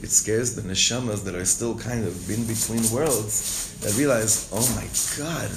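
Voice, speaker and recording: A man's voice: unhurried, noisy background. A man teaching a Torah class, reading Hebrew lines and explaining them with strong emotion. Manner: reads Hebrew text, then translates and explains with emotion; expressive, rises in pitch and volume when stirred. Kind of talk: text-based Torah class.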